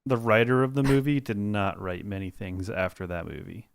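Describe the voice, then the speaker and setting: A man's voice: on the low side, steady tone, normal speed, creaky. A man co-hosting a podcast in casual chat, laid-back and dry, steering the talk back on topic. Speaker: podcast co-host.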